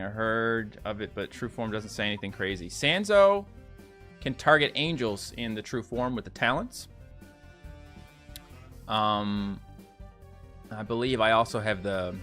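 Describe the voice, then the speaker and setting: A young man with a bright, forceful voice chats his way through a live game stream. He talks loosely, reads out viewer comments, and urges his units on with short repeated phrases. Faint music plays in the background. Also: fairly low pitch, a little slow, long pauses.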